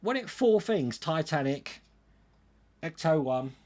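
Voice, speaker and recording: A man's voice: a little high, sing-song, slow pace, darkish tone. A man hosting a casual livestream, reading out viewer comments and answering them in a chatty way. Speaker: livestream host answering chat.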